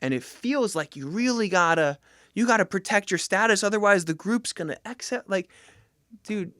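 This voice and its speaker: A man's voice: high-pitched, expressive, normal speed, a bit bright, no room sound, clean studio sound. A man from New Jersey, a gym owner and jiu jitsu coach, talking reflectively as a podcast guest. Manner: reflective, thoughtful, with many fillers. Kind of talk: casual conversation.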